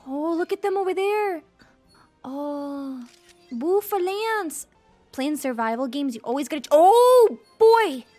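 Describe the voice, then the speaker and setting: A woman with a high voice gives let's-play commentary in an unhurried way. She gushes and squeals over cute creatures and tosses in silly jokes, with game music playing faintly under her. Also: expressive, dark tone. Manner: silly joking asides. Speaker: gaming streamer.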